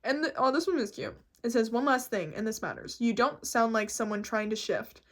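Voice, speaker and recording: A woman vlogger chatting casually and reading notes aloud, excitable and profane, laughing easily. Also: on the high side, a little fast. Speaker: vlogger explaining reality shifting.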